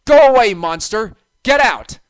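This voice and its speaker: A man's voice: high-pitched, sing-song, takes it slowly, smooth, voice pushed up, heavily acted. A man voicing a cheeky young male engine, brave but jittery, with a lifted, eager voice. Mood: frightened.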